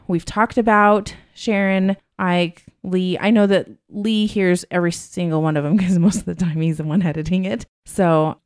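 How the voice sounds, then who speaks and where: A woman hosting a casual podcast chat, loud and quick to laugh. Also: fairly low pitch. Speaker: podcast host.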